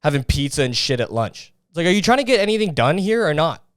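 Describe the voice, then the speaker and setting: A man's voice: fairly high pitch, sing-song, fast talker, fairly bright tone, no echo, studio quality. A young man hosting a solo podcast, ranting in an exasperated, profane way about other people's habits. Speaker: podcast host.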